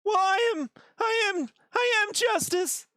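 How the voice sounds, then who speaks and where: A man voicing a jittery teenage cartoon sidekick who acts like a brooding dark hero, stammering and rambling. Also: very high voice, measured pace, no echo, clean studio sound, voice pushed up, full character voice. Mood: awkward.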